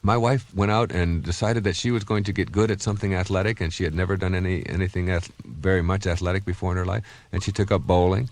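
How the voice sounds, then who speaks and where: A man's voice: low-pitched, fairly even intonation, fast talker, hardly any pauses. A man in his fifties giving a recorded self-help talk in an earnest, conversational, anecdotal way. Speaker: self-help author and speaker.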